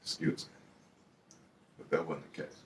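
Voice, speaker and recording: A man with a Detroit accent telling a story from his own life in a casual, profane, animated way. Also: normal speed, recorded from a distance.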